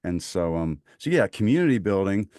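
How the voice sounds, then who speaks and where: Southern man, low-pitched, eager talker full of ums and you-knows; podcast guest. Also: very animated, normal speed, darkish tone, clean tone, no echo, studio quality. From Mississippi, US. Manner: enthusiastic, rambling, many fillers. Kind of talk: casual conversation.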